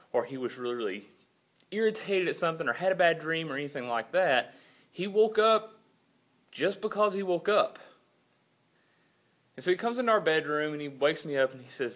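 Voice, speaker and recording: A man's voice: medium pitch, fairly bright tone. A father recounting a sleepless night in a casual video blog, retelling his own quoted lines with animation. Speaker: father and church volunteer. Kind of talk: personal video blog storytelling.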